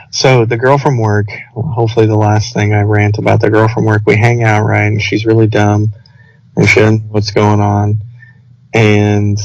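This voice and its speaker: A young man telling a rambling, animated story over casual podcast chat, full of filler words. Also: lowish voice, normal speed, gravelly, no echo. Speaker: podcast co-host. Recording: dull lo-fi audio.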